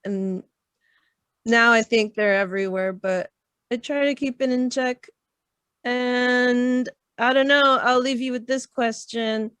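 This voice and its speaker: A woman with a smooth, clear voice doing a stand-up set, picked up close and dry. She hesitates between jokes and then drops her punchlines deadpan. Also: a little high, slow, no room sound. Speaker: stand-up comedian. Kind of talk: stand-up comedy.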